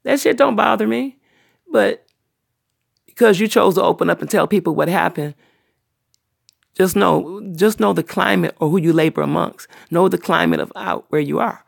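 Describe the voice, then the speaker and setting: A woman's voice: on the low side, normal speed, creaky, pauses often, breathy edge. A middle-aged woman hosting her own livestream, talking at length in a blunt, profane, long-winded way. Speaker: channel host livestreaming. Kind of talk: unscripted livestream rant.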